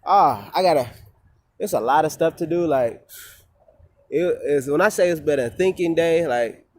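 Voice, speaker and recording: Vlogger, male, slightly high voice, loose rambling rant full of swearing and fillers. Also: lively intonation, moderate pace. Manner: rambling, profane, many fillers and restarts. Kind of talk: casual rambling vent.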